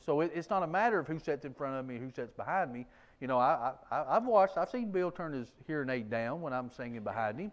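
A man's voice: on the high side, lively intonation, brisk, dull audio. A man teaching a conversational Bible lesson, folksy and self-deprecating, often restarting his sentences.

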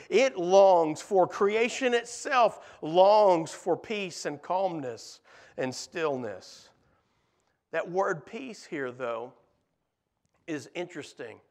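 A man with a notably high voice preaches slowly and deliberately in a church. He stacks up repeated words in earnest lists and lets his voice fall soft at the close of each phrase. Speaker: pastor. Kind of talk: sermon.

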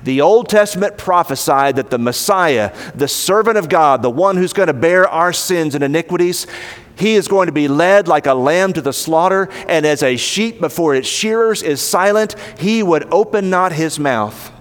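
A man's voice: fairly high pitch, animated, moderate pace. Emphatic male preacher in a big hall. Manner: emphatic, rising to stress points. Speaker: pastor. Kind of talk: sermon. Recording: long hall reverb.

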